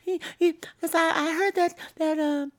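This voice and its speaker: A man voicing a soft-spoken, giggly male virgin in a restroom stall with a high breathy falsetto. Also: steady tone, moderate pace. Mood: shy giggly.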